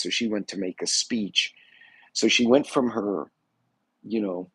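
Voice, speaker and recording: A man hosts a casual livestream in a folksy, rambling way. His voice sits a little low and sounds husky. The sound is dry and close, with almost no room echo. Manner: rambling, folksy, greets chat viewers by name. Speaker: livestream host. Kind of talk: casual political livestream chat.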